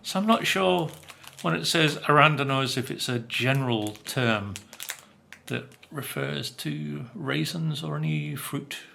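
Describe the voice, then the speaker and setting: A man's voice: on the high side, a little slow, gravelly, sharp tone, slight background noise. An older man, chatting casually while tasting biscuits, musing with plenty of fillers and speaking with his mouth full at times. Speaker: vlogger. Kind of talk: casual food review.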